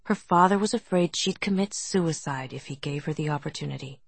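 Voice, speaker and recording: A woman reading a novel aloud as audiobook narration, in a soft, gentle manner. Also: low voice, a little fast, vocal fry, a little hiss or hum. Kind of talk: scripted narration.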